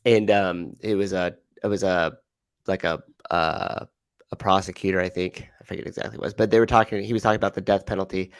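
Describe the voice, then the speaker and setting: A man with a fairly low voice co-hosts a podcast in a relaxed, easygoing way. He fills his sentences with "like" as he works through his thoughts. The sound is dry and close-miked. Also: quick pace, clear, resonant tone, no echo. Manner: laid-back, filler-heavy with lots of "like". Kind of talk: casual conversation.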